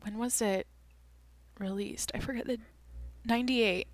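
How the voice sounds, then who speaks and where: A woman's voice: a little high, fairly even intonation, measured pace, long pauses, dry recording. Rambling, swearing young woman host. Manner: rambling, swears often, thinks aloud. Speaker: podcast host. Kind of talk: casual solo chat.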